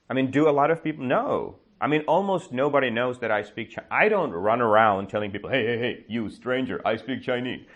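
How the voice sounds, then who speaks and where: A man teaching English, telling a story slowly to a class and checking their understanding with quick questions. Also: mid-range voice, fairly bright tone. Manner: slow, exaggerated storytelling with comprehension checks. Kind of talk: storytelling lesson with questions to learners.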